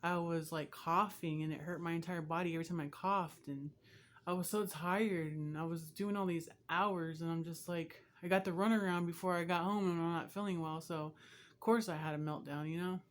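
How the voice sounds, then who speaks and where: A woman's voice: on the low side, steady tone, normal speed. A woman vlogger telling a long personal story in a casual, rambling way, speaking straight to her viewers.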